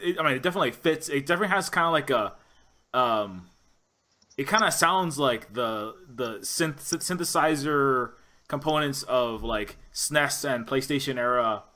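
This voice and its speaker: Male podcast host, bright voice, casual, rambling, many restarts. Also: mid-range voice, lively intonation, moderate pace. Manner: rambling, lots of "you know" and restarts. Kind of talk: casual interview chat.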